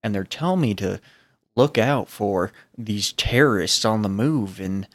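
Sweaty, jumpy defector , a man doing the voice: lively, swooping delivery with a folksy drawl. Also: medium pitch, measured pace. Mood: jittery. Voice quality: folksy Southern-style drawl. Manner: rambling, jittery and pleading. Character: sweaty, portly, nervous corporate defector man.

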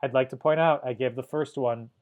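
Male podcast host, deadpan wry delivery, mid-pitched, casual. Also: lo-fi sound. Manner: dry, wry, reads trivia haltingly. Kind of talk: casual movie review chat.

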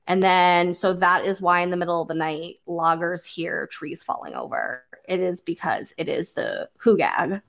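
A woman's voice: fairly low pitch, fairly even intonation, moderate pace, hardly any pauses, a bit bright. A woman hosting a podcast in casual group chat, explaining things in a chatty way full of fillers. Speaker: podcast host.

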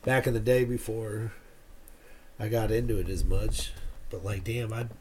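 A young man co-hosting a podcast, rambling and swearing as he tells stories excitedly in casual chat. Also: on the low side, a little slow, husky. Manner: rambling, profane, excitable storytelling. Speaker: podcast co-host.

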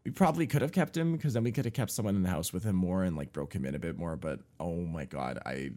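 A man co-hosting a podcast, telling a story in a casual, rambling way full of fillers and swearing, and getting loud and animated when he recalls the shock. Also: low-pitched, fast. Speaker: podcast co-host.

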